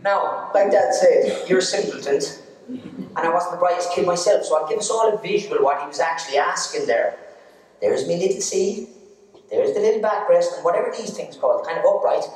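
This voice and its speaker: A man's voice: high voice, normal speed. Irish man telling stories on stage. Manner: animated, laughing at his own jokes. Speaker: stand-up comedian. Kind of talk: live stand-up storytelling. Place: arts centre stage. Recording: echoey hall, distant mic.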